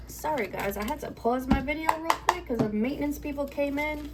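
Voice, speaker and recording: A woman's voice: sits high, a little fast, heavy background noise. A woman giving a spiritual love reading at home, channeling aloud in a rambling way, often repeating herself and searching for words. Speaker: tarot card reader.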